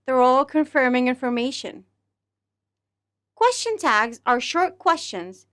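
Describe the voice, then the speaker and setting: A woman teacher with a high, bright-sounding voice gives a scripted English grammar lesson. She speaks slowly and deliberately to her class, her pitch swinging widely as she models example phrases. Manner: slow, deliberate delivery, speaking to pupils as a class; exaggerated rising and falling intonation on example phrases.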